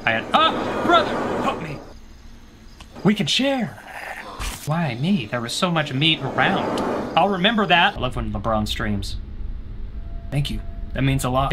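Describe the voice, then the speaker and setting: A man's voice: medium pitch, noisy background. A young man commenting on a horror game as he plays, teasing the characters, joking and letting out panicked yelps. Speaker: gaming streamer. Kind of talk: let's-play commentary. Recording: loud game music behind.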